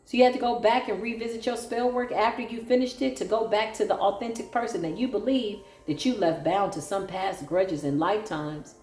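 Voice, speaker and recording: A woman's voice: medium pitch, brisk, hardly any pauses, a little mellow. Sassy woman tarot reader, echoey room. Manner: sassy, sarcastic, preachy. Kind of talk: solo tarot reading. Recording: echoey room with faint music.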